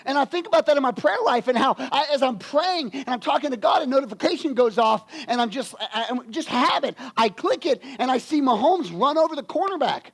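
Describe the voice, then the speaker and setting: A man preaching a lively, folksy sermon as pastor, swinging from loud bursts to quiet, low emphasis. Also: a little fast, few pauses.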